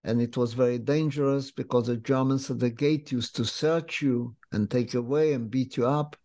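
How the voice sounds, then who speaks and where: An older man from Lithuania, recounting his memories in an interview as a vivid, unhurried storyteller. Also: medium pitch, fairly even intonation, a little mellow. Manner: vivid, unhurried storyteller with slightly non-native English phrasing. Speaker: interviewee, memoir author.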